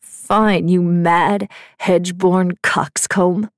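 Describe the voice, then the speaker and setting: A woman reading the part of a glib, charming young male fae storyteller with a smooth, coaxing way of talking. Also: sits high, flat delivery, drawn-out words, no room sound, studio quality, full character voice. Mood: strained.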